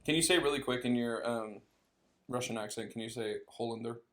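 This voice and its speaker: A man hosting a casual podcast from a couch, teasing his guest with deadpan jokes. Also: mid-range voice, fairly quick. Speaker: podcast host. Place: living room couch. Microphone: podcast microphone.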